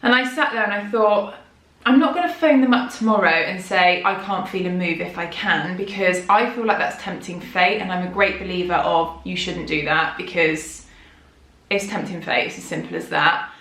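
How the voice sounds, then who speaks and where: A woman's voice: fairly low pitch, normal speed, fairly bright tone. A heavily pregnant woman, candidly talking a vlog audience through her worries in a rambling, chatty way. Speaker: vlogger. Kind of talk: chatty personal storytelling. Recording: roomy echo.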